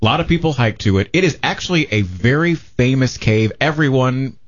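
A man's voice: medium pitch, lively intonation, a little fast. A man presenting a casual segment on a radio show, chatty with frequent hesitant restarts. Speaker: radio contributor. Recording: muffled radio broadcast.

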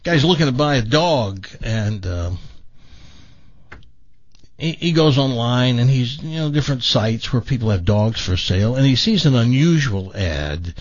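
Radio host guy spinning a joke, lively voice, dull dry studio sound. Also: medium pitch, unhurried, no echo. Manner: animated, loose storyteller with fillers. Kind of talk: telling a joke on air.

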